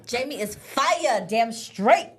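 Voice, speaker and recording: Chatty young woman with a high voice. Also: takes it slowly, husky. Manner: chatty, animated, lots of "like" and laughing. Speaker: co-host. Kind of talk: casual chat on a live show.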